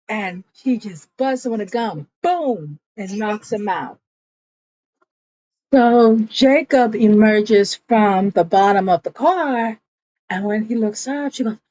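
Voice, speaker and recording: A woman's voice: mid-range voice, slow pace, darkish tone, no room sound, lo-fi sound. A woman recapping a TV episode in a casual, chatty way, acting out the characters' lines and addressing her viewers as y'all. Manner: chatty storytelling that acts out quotes, says y'all. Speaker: TV episode reviewer.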